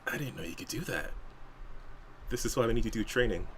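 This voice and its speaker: A man playing a tabletop game, casual and energetic, slipping into in-character banter. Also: fairly low pitch, fairly quick, slight background noise. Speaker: player.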